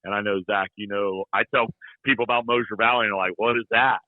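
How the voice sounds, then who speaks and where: A middle-aged man spins rambling, folksy stories in quick, fairly flat speech with a lowish voice, peppering them with "you know" and good-natured teasing. The recording is dry and sounds like it came over a phone.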